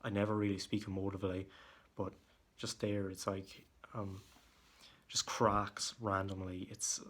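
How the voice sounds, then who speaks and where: A young man with a deep voice that sometimes cracks, venting in a casual home vlog, halting with many fillers and restarts. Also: little pitch movement, fairly bright tone. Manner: irritated, venting. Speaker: vlogger. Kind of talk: casual monologue. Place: room at home.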